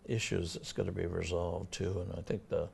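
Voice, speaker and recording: Older Massachusetts man, very low and flat, husky and gravelly; halting town official on local TV. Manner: halting, many fillers and restarts. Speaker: town administrator. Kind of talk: casual local TV interview.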